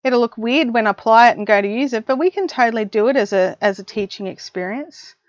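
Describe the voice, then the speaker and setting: Talking fast at a fairly high pitch with no echo, a middle-aged Australian woman chats casually and self-deprecatingly with viewers during a craft livestream from her home craft room. The audio from her desk mic is dry, dull and lo-fi, and she wears headphones.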